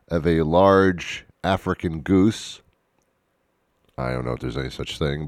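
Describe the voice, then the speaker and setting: A man's voice: sits low, no echo, clean studio sound. A man hosting a radio talk show, rambling and joking at his own expense. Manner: rambling, self-mocking, jokey. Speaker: radio host. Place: radio studio.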